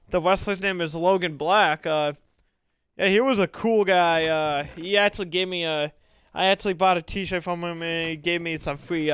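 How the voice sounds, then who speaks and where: Excitable high-voiced young man rambling. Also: clear, resonant tone, dry recording. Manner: rambling, excitable, many uh fillers and laughs. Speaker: streamer. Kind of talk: casual gaming chat.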